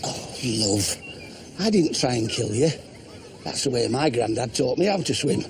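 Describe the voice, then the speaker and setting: A man's voice: mid-range voice, very animated, a little slow, a little hiss or hum. An actor playing a blunt, jokey working-class man. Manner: blunt, crude humour.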